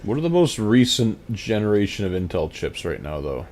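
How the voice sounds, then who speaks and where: A man's voice: fairly low pitch, very animated, normal speed, darkish tone, slight background noise. A man streaming a game, chatting casually and rambling as he reads and answers his chat.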